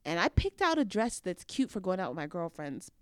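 A young woman, a guest on an interview show, telling a story casually and acting out what people said with big swings in pitch. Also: fairly quick, clear, resonant tone, no room sound, studio quality. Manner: animated, acts out quotes with big jumps in pitch.

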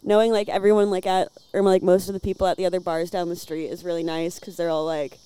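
As a podcast guest, a twentysomething Illinois woman who works a bar door tells stories in casual chat, leaning heavily on "like" and swearing freely. Her voice is low-ish, clear, and resonant, mellow but flat in delivery, and fast.

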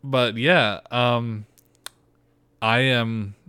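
Podcast guy rambling and teasing his cohost, smooth clear voice, dry sound. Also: medium pitch, steady tone, drawn-out words, bright, forceful tone, no echo. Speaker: podcast co-host. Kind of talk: casual chat.

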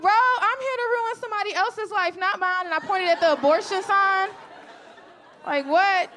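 A woman's voice: very high-pitched, moderate pace, over a noisy crowd, very noisy. A woman doing a stand-up comedy set, telling stories in a brash, profane, conversational way on a club stage. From Chicago. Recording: live comedy club with audience laughter. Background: audience laughter and room murmur.

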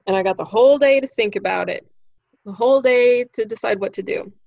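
A woman who is a standup comic, telling a story in casual chat, animated and swearing freely. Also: on the high side, fairly quick, vocal fry, no room sound, highs cut off. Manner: animated, acts out quoted voices, swears freely.

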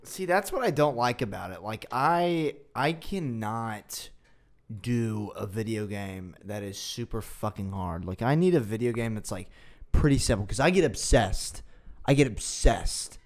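A man's voice: on the low side, a little slow. A young man co-hosting a podcast, boasting and swearing in crude casual banter. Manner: boastful, profane, animated. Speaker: podcast co-host.

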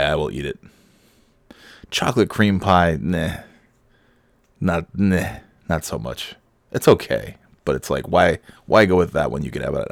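A man's voice: rumbling low, gravelly, dry recording. A middle-aged man hosting a solo podcast from home, sick and half awake, holding back coughs and rambling with self-mocking chuckles. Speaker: podcast host. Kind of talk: casual solo podcast monologue. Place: home with kids heard in the background.

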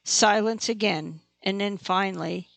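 A narrator reading a fantasy audiobook in a steady, plain storytelling manner. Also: mid-range voice, measured pace, gravelly, no room sound.

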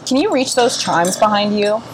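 A woman's voice: mid-range voice, lively intonation, moderate pace, background noise. A woman in her twenties co-hosting a podcast, swearing constantly and ranting heatedly in casual chat. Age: 20s. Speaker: podcast co-host.

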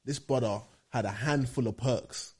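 A young man chatting casually on a podcast, telling stories in animated street slang. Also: medium pitch, moderate pace, breathy edge.

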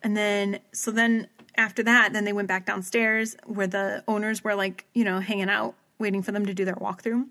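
A woman's voice: medium pitch, little pitch movement, normal speed, few pauses, fairly bright tone. A woman talking casually with a friend, winding through a long story. She fills it with "like" and restarts, and she acts out quotes in her own voice. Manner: rambling storyteller, heavy use of "like", acts out quotes. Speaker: podcast co-host recapping a paranormal TV episode. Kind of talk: casual chat.

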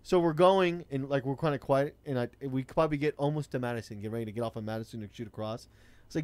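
Fast-talking profane man. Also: mid-range voice, no echo. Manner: profane, blunt, animated storyteller. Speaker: rideshare driver telling a story. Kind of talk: casual storytelling chat.

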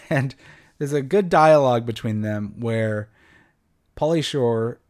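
A young man talks through a film review on his podcast in a loose, casual way. He is blunt and sarcastic and swears freely. His voice sits at an ordinary middle pitch. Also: slow pace, a little mellow. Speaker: podcast host.

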